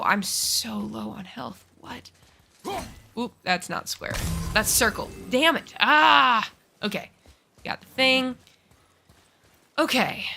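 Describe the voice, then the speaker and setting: A woman's voice: mid-range voice, vocal fry, bright, forceful tone. A woman streaming a video game, chatting casually, cursing at enemies and teasing herself about her skills. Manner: chatty, swears at enemies, self-mocking. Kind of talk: casual live-stream gameplay chat.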